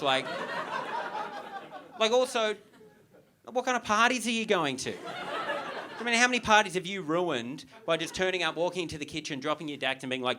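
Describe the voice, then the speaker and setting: A man's voice: fairly high pitch, a little fast, noisy background. A young Australian man performing a stand-up comedy routine on stage, telling a story and acting out the lines of the people in it. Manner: animated storytelling with acted-out quotes. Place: theatre cafe stage with a live audience.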